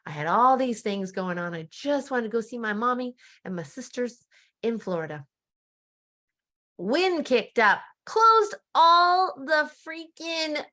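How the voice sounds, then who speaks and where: A woman in her forties talking casually to camera as a life coach, chatty and animated, often laughing at herself. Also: on the high side.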